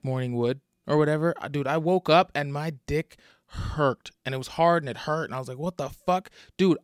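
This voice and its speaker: Recorded with studio quality and no room sound, a young man's slightly high voice carries his casual solo podcast rant from home, full of rambling jokes and frequent cursing.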